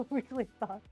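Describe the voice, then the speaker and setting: An Australian woman streamer chats casually on a live stream while cooking in her home kitchen, giggly and scattered. Her high-pitched voice sounds mellow, with the highs cut off.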